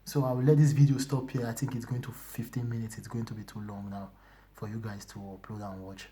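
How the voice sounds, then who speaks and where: A man tells his testimony in a mellow, warm voice. He pushes some phrases out loud, drops others to a breathy whisper and circles back over his own words. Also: fairly low pitch, flat delivery, a little fast, a little hiss or hum. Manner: emotional, swinging from loud emphasis to hushed whispers; repetitive, restarting phrases. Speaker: church brother giving testimony. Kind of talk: personal testimony.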